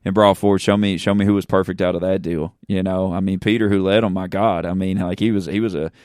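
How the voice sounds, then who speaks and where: Deep-voiced preaching man, smooth and dry. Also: fairly even intonation, fast, a little mellow, dry recording. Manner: fervent, preacher-like, repeats "you know what I'm saying". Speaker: pastor. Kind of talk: casual chat. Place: in a church.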